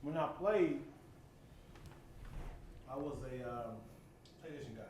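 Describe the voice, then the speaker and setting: A man's voice: mid-range voice, expressive, slow pace, noisy background. A man co-hosting a comedy podcast who laughs often and acts out conversations in casual chat. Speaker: podcast co-host.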